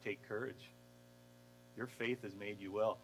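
A man doing Jesus, soft and gentle. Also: fairly low pitch, steady tone, moderate pace, slight background noise, voice pushed down, lightly acted, low-quality recording. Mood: tender. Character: Jesus, calm and gentle teacher.

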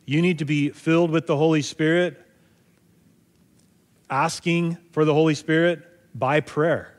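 A man's voice: on the high side, fairly even intonation, a little slow, lightly acted. A man voicing Jesus as an earnest teacher urging his followers to pray, in a plain everyday tone. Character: Jesus, a patient male teacher urging prayer.

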